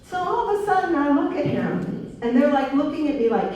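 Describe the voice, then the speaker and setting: A woman in her sixties giving a talk to students, telling a story with lively acted-out dialogue. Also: sits high, brisk, slight background noise. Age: 60s. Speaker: motivational speaker. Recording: very echoey hall, speaker far from mic.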